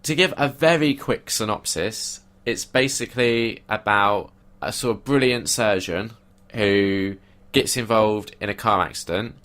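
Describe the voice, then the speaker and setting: A man's voice: lowish voice, unhurried, hardly any pauses, fairly bright tone. A man co-hosting a podcast, giving opinionated, casual takes on a film. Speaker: podcast co-host.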